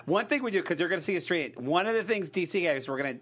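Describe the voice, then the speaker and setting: A man co-hosting a casual TV fan chat show, animated and playful, often breaking into sing-song hype. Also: high voice, quick pace. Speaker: co-host.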